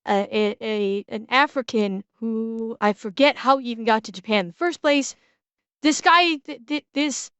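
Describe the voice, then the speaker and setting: A woman's voice: on the high side, fairly bright tone, clean tone, no echo. A young adult woman streaming a casual reaction, blunt and swearing freely, often restarting her sentences.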